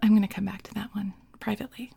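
Woman host, casual chat, self-deprecating, husky, gravelly, half-whispered, dry sound. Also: mid-range voice, little pitch movement, rapid-fire, dark tone. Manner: chatty, self-deprecating, laughing, nervous; often whispering. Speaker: host reading listener scripts.

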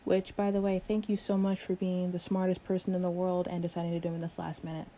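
A woman's voice: on the low side, monotone, fast, warm tone, slight background noise. Sarcastic, exasperated young woman. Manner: sarcastic and exasperated, swears a lot. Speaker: coworker doing a project with the listener. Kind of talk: one-sided audio role-play.

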